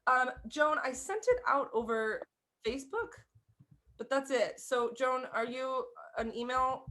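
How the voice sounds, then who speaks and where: A woman with a fairly high voice teaches fiddle over a video call. She explains in a chatty, casual way, restarting and rephrasing her sentences as she goes. Her voice comes through a home computer mic. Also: measured pace, bright, forceful tone. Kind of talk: online music lesson, casual explaining.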